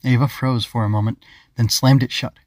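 A man reading his own children's audiobook in a calm, even narrating voice at a middle pitch. The recording is close and dry, with no room sound. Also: normal speed, dry recording. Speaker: author and narrator.

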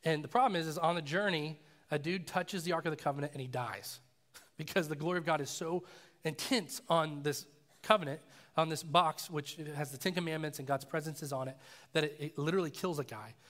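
Man, pastor, casual sermon, storytelling, fairly high voice, long hall reverb. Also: brisk, fairly bright tone. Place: church sanctuary.

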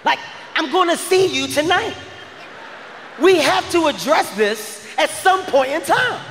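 A man doing stand-up comedy, telling stories in a loud, animated, profane way and acting out other characters. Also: very high voice, a little slow, in a large hall, soft background music. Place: stage before a live audience.

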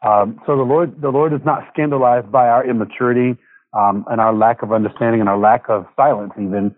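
A man speaks slowly and thoughtfully as a guest, pausing on fillers and restarting his thoughts. His voice comes through a tinny phone line. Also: mid-range voice, steady tone, dry recording. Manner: reflective, halting with fillers. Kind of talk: casual faith conversation.

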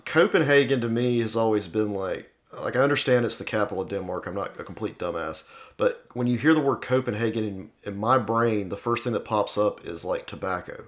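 A man's voice: on the low side, fairly quick. A man co-hosting a podcast in casual chat, easygoing and self-deprecating with many small restarts. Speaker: podcast co-host.

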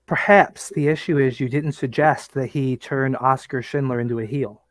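A man in a podcast conversation, wry and hesitant and filling gaps with uhs. His pitch sits in the middle range, and the recording is dry and close. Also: steady tone, moderate pace, no echo. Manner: hesitant, filler-heavy, wry. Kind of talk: casual chat.

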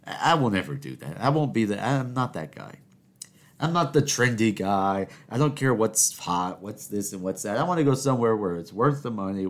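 Rambling, lively-voiced young man. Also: on the low side. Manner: rambling, self-interrupting, laughs at own stories. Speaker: podcast host. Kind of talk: casual solo storytelling.

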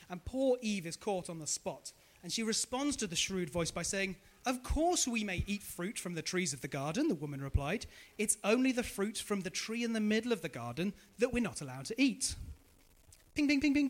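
A man preaching a sermon, asking the congregation questions and repeating their answers back to them. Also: high-pitched.

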